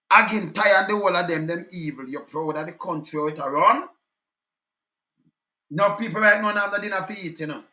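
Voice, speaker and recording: A man's voice: sits high, fairly quick, sharp tone. A man with a Jamaican accent giving heated, scornful political commentary, firing rhetorical questions and replaying clips.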